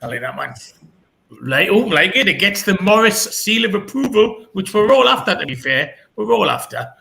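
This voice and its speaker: A man's voice: sits high, expressive, gravelly, bright, forceful tone. A British man hosting a pun contest, playful and laughing between jokes. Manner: playful, laughing, drawn-out words. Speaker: comedy show host.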